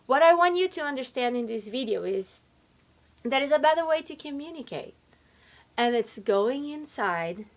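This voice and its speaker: A woman's voice: high-pitched, moderate pace. A woman coaching on relationships, talking straight to the listener and acting out quoted lines, with non-native English phrasing. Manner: expressive, acts out quoted complaints and soft replies. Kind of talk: coaching talk to camera.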